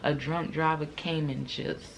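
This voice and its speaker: Animated young woman telling a story. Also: unhurried, gravelly, background noise. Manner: animated, acts out quoted lines with big jumps in pitch and loudness; slangy, laughs often mid-story. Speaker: vlogger. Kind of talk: storytime, casual chat to camera.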